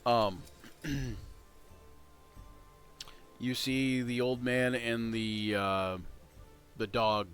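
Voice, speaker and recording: A man running a tabletop game as game master, narrating in a relaxed, halting way with frequent pauses. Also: mid-range voice, faint music behind. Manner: relaxed, halting, with many ums.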